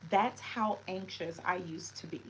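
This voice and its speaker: A woman's voice: fairly low pitch, measured pace, a little hiss or hum, low-quality recording. A woman hosting a casual livestream, talking reflectively to her viewers and greeting them with French words. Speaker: livestream host.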